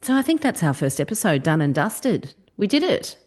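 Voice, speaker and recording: A woman's voice: fairly low pitch, sing-song, normal speed, a little mellow. An Australian woman co-hosting a podcast, laid-back and cheeky in casual chat. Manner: laid-back and cheeky, swears and laughs freely. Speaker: podcast co-host.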